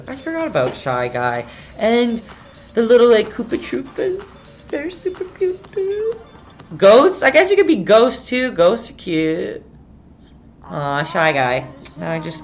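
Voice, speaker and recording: A woman's voice: on the low side, big pitch swings, a little slow, faint music behind. A woman hosting a casual painting tutorial livestream, chatty, reading viewer comments aloud and breaking off mid-sentence. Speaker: painting instructor and livestream host.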